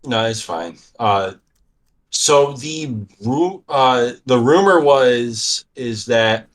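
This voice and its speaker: A man's voice: mid-range voice, lively intonation, drawn-out words, recorded from a distance. A man co-hosting a talk show, chatting casually in a hesitant, stammering way. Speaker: podcast co-host. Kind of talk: casual chat.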